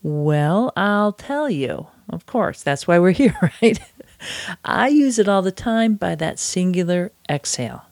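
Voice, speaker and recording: Here the same kind of teacher, an author, talks through breathing from his office in a chatty manner, voicing chants as examples and teasing himself as he goes. The voice is high-set, gravelly and animated at a measured pace, recorded without echo.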